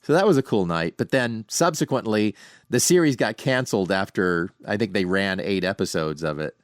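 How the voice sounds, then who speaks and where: A middle-aged man hosting a podcast, casually telling animated anecdotes from home with frequent restarts. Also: lowish voice, moderate pace, no echo, studio quality. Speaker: podcast host. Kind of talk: casual storytelling monologue. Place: home, sitting on a couch.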